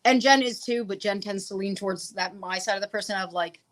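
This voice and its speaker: A woman's voice: mid-range voice, a little fast, fairly bright tone. A woman tattoo artist chatting as a guest in a casual interview, bubbly and talkative, acting out what her clients say.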